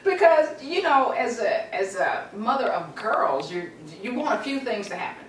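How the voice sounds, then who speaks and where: A middle-aged woman, a mother, telling a family story in casual chat, animated and acting out what people said. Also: fairly high pitch, moderate pace, slight background noise. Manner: animated storyteller, laughs and acts out quotes. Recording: roomy, slightly distant mic with faint ambience.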